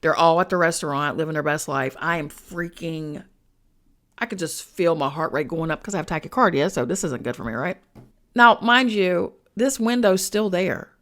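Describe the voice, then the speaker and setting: A woman's voice: low voice, moderate pace, a bit bright. A woman hosting a podcast, telling a personal story in a chatty, slangy way, swearing and speaking straight to her listeners. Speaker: podcast host and spiritual coach. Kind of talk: casual storytelling.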